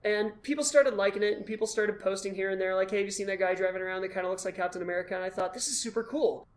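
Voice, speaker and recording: A man as the guest, telling his story in an animated, self-deprecating way and acting out his own past thoughts. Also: high-pitched, racing. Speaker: guest, costumed charity volunteer. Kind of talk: casual storytelling in a conversation.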